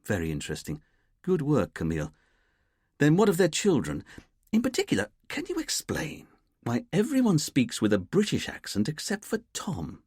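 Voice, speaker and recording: A man's voice: on the high side, wildly swooping pitch, normal speed, a little mellow, breathy edge, no room sound, studio quality, voice pushed up, heavily acted. A man voicing a fussy, pompous middle-aged detective inspector who speaks in a precise, stiff way.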